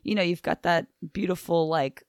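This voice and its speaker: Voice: mid-range voice, steady tone, clear, resonant tone, dry recording, studio quality. A co-host of a comic book podcast chatting playfully and joking. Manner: playful, jokey, quick to laugh. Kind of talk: casual chat.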